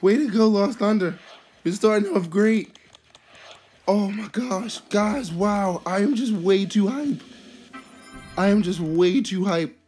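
A vlogger commentating a card pack opening in a casual, excitable way, with frequent exclamations and rambling asides full of fillers. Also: medium pitch, takes it slowly, pauses often, soft background music. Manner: rambling, filler-heavy musing.

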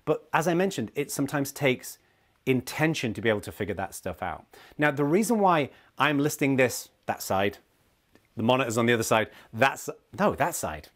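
A middle-aged man, a leadership consultant, giving a casual talking-to-camera lesson in an animated way and acting out the people he quotes. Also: medium pitch, moderate pace.

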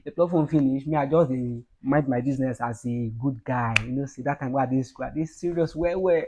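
A Nigerian man telling, in a relaxed and teasing way, the story of how he met his wife, chatting at home. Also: mid-range voice, a little fast, background noise. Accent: Nigerian Pidgin. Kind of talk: casual storytelling.

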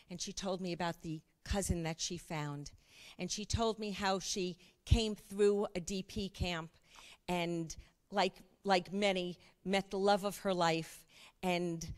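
An older woman, a cookbook author, telling a lively anecdote at an event and acting out the dialogue. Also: lowish voice. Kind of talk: storytelling talk at an event.

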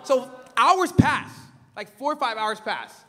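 A man from Los Angeles preaching a sermon from a church pulpit, swinging between loud shouted emphasis and relaxed, joking stories. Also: very high voice, takes it slowly. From Los Angeles, California. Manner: animated preaching, shouting for emphasis, humorous storytelling asides. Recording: long reverb of a church hall.

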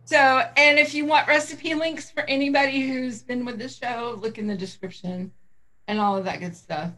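A middle-aged woman helping host a vaping livestream speaks at a normal speed in a fairly high, steady, fairly bright voice. She chats loosely, rambles, laughs a lot, and gets sidetracked without much effort.

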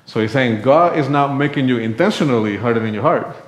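A man's voice: mid-range voice, fairly quick. Conversational male preacher in echoey church. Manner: conversational, acts out quoted dialogue. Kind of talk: sermon with personal storytelling. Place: church sanctuary.

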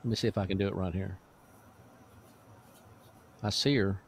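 Male pastor, lower voice, folksy chuckling storyteller, emphatic deliverance preaching. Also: steady tone, normal speed, husky.

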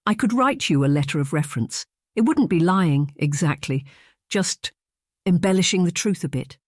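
A narrator voicing Amelia, a lively young woman who encourages her friend with a sly, conspiratorial manner. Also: mid-range voice, normal speed, no echo, clean studio sound, lightly acted.

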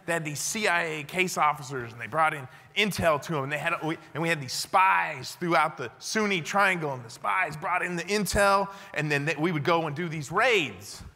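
Man giving a storytelling lecture, bright and kinda high, acts out both sides, hall echo. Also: normal speed, hardly any pauses. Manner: animated, acts out dialogue. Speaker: guest speaker, former army interrogator.

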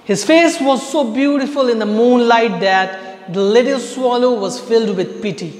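Slow, high-voiced Indian English teacher. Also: male voice. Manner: reads a passage aloud, then retells it in simple words. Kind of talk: reading and explaining a story in an online class. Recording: echoey room with long reverb.

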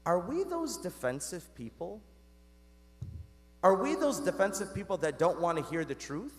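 A man delivers a homily from the pulpit in a high voice that swoops up and down with animated energy. He keeps it conversational, asking the congregation questions and calling them "guys." A long church reverb trails behind every phrase. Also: moderate pace. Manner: conversational, talks straight to the congregation with rhetorical questions. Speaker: Catholic priest. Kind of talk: sermon.

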